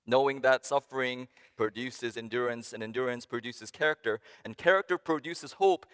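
A man delivering a sermon with a mid-range voice that swings widely in pitch. He climbs to emphatic peaks and then drops to quiet asides. His voice carries a long reverb, as if spoken in a large church hall. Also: clear, resonant tone. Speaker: pastor.

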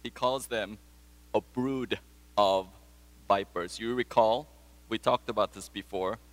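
A man's voice: on the low side, slow, long reverb tail. A man preaching a sermon, telling stories and putting questions to his congregation. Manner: storytelling, asks the congregation questions. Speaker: pastor.

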